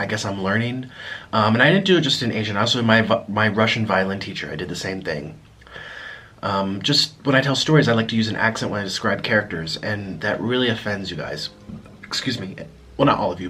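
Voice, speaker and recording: A man's voice: lowish voice, fairly bright tone. A man hosting an eating vlog, chatting casually and apologetically between bites, sometimes talking with food in his mouth. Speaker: mukbang vlogger. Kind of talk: casual talk while eating on camera.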